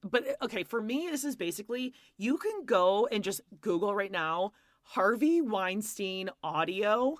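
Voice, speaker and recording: A woman's voice: mid-range voice, big pitch swings, a little slow. A woman co-hosting a podcast in casual gossip chat, blunt and joking, full of "like" fillers. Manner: chatty, frequent "like" fillers, blunt jokes. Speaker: podcast co-host.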